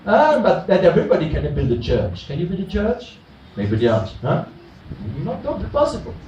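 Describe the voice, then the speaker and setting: A man's voice: sits high, wildly swooping pitch, moderate pace, dark tone, highs cut off, slight background noise. A man, a priest, preaching an earnest retreat sermon full of rhetorical questions and restarts. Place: chapel. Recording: echoey chapel from a distance.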